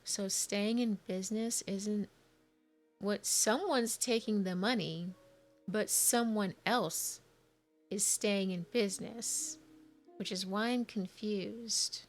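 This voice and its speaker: A woman's voice: mid-range voice, steady tone, slow. A woman casually commenting on a video game she is playing, thinking aloud and puzzling over the menus. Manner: chatty, thinking aloud, confused asides. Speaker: let's play gamer. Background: faint game music.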